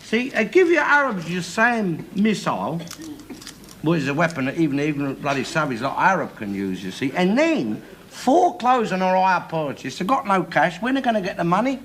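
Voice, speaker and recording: A bigoted middle-aged Londoner who never stops ranting, all bluster and swearing. His voice sits fairly high for a man. It comes from an old television sitcom recording with a clear hiss underneath. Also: big pitch swings, a little fast. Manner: loud, blustering, swears constantly. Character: bigoted, ranting working-class older man. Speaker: sitcom character. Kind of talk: 1970s television sitcom acting.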